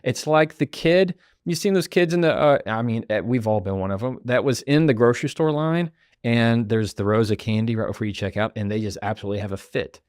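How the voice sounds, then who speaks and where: A man's voice: medium pitch, a little fast, dry recording, clean studio sound. A man, hosting a motivational podcast and acting out quoted voices. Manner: animated, acts out quoted voices. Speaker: podcast host.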